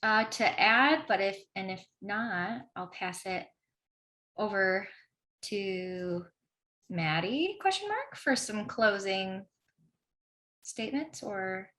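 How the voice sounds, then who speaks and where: A woman's voice: mid-range voice, expressive, slow pace, pushed and bright. A woman moderator tentatively handing the conversation over during a video call. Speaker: forum moderator.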